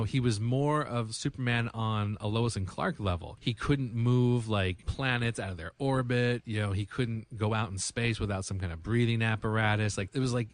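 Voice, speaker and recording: Low-voiced chatty man. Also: no room sound. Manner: chatty, explains references, many "you know"s. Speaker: podcast co-host. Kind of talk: casual chat.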